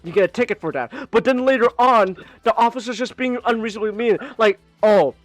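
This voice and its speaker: A man's voice: very high voice, fast talker, no room sound, soft background music. A man hosting a podcast in a casual, rambling chat, full of fillers and frequent laughs. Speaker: podcast host, virtual streamer.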